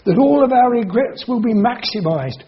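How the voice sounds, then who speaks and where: A man preaching a sermon in an emphatic way, slowing down and repeating key phrases. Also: very high voice, animated, husky. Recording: dull lo-fi sermon recording.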